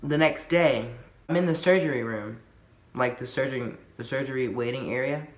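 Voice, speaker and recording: A man's voice: medium pitch, moderate pace, roomy sound. A man telling a casual storytime, rambling with lots of fillers and restarts. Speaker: vlogger.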